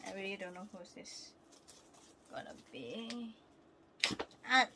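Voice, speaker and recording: A young woman vlogging casually while unboxing albums, excitable and prone to laughing squeals. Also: medium pitch, takes it slowly, noisy background.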